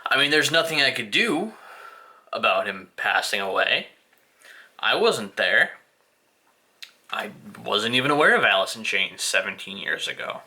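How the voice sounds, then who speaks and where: An American vlogger shows off his CD collection on camera, rambling and poking fun at himself, now and then slipping into playful put-on voices. His lowish voice is sing-song, pushed, and bright, and he speaks unhurriedly with long pauses.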